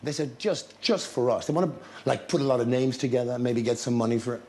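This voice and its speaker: A man, a talk show guest, telling lively anecdotes with laughter and acted-out scenes. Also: mid-range voice, quick pace, a little hiss or hum. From Ireland. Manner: storytelling with laughter, acting out scenes.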